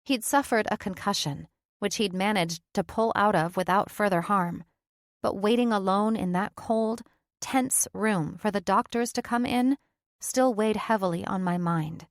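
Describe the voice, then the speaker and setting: A woman narrating a first-person audiobook in a steady, earnest storytelling manner. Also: mid-range voice, measured pace, dry recording, clean studio sound.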